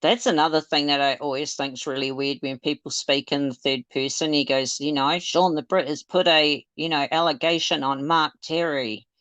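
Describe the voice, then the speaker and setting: A woman's voice: deep voice, steady tone, moderate pace, few pauses, fairly bright tone, no echo. A woman hosting a casual live stream, talking hesitantly with lots of fillers. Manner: chatty, hesitant, full of fillers and laughs. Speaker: livestream host.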